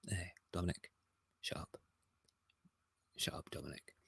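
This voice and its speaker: A man's voice: deep voice, steady tone, unhurried, gravelly, a bit bright, slightly rough, no echo, in a whisper. A man who hosts a casual morning show, reading newspaper headlines aloud and mocking them with gleeful, ranting commentary. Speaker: host. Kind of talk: casual morning news rant.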